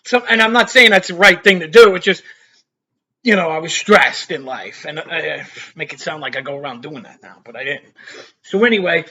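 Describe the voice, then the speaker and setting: A man spins a rambling story from his own life. His voice sits high and sounds bright and forward. He keeps tossing in "you know" and chuckling between sentences. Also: a little fast. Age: 50s. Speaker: vlogger.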